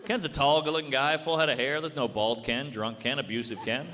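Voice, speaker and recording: A man in his thirties doing a stand-up comedy set, with a brash and animated delivery that breaks into shouted punchlines. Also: mid-range voice, fairly quick. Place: large hall with live audience. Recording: echoey hall, audience noise.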